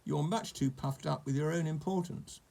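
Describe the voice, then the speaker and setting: A regal goblin king who hands down judgment slowly and grandly, as a man reading a storybook puts him on. His voice is gravelly and a touch raised, measured and lecturing. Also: fairly high pitch, warm tone, voice pushed up. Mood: stern.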